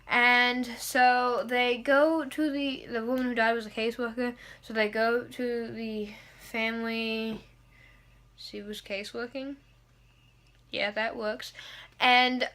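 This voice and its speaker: A young woman recapping and reviewing a TV episode in a chatty, excitable way, with frequent fillers. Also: on the high side.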